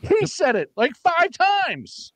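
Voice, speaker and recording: A man's voice: extremely high pitch, wildly swooping pitch, slow pace, fairly bright tone, no room sound. A man talking bluntly on a heated political panel, rambling and restarting his sentences.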